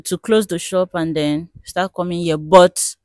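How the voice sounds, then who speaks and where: A woman playing a shop owner in a skit, speaking hesitantly with pauses. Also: on the low side, fairly even intonation, no room sound, studio quality, lightly acted. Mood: uncertain. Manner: hesitant, with many pauses and fillers. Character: female shop owner, worried, troubled by theft. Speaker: shop owner consulting the diviner.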